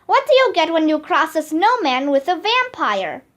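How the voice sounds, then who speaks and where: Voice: very high-pitched, big pitch swings, moderate pace, fairly bright tone, heavily acted. A reader voicing a bald male school principal who tells bad holiday puns and laughs at them himself. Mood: jokey. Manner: laughs at his own puns.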